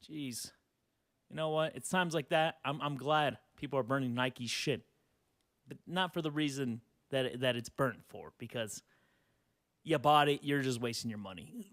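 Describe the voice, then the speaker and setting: A man's voice: mid-range voice, moderate pace, fairly bright tone, dry recording, studio quality. A man in his twenties hosting a solo podcast, ranting sarcastically with lots of cursing, fillers and restarts. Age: 20s. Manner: sarcastic, profane, rambling with many fillers. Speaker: podcast host.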